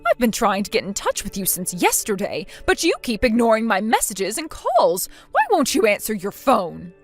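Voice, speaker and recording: A synthetic woman's voice playing a spiteful, bossy older mother-in-law in a text-chat story, scolding with contempt and a lively pitch. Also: moderate pace, soft background music, full character voice. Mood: demanding.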